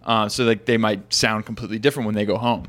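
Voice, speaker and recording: A man from Arizona in casual chat as a co-host, talkative and quick to laugh, often restarting his sentences. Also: fairly low pitch, fairly even intonation, fairly bright tone.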